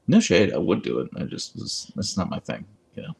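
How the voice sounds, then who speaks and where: A man's voice: low voice, huge pitch swings, fairly quick, gravelly, darkish tone. A man hosting a casual livestream from his phone, chatting and reading viewer comments aloud. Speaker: livestream host. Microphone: phone with clip-on mic.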